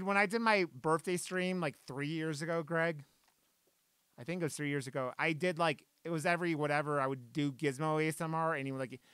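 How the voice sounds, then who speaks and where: A man's voice: on the high side, fairly bright tone, smooth, dry recording. A man live-streaming from his desk at home, chatting in a playful way and swearing casually.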